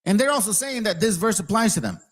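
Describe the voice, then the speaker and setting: A man's voice: sits high, very animated, quick pace. Profane, heated man ranting. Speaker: channel host. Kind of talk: ranting commentary.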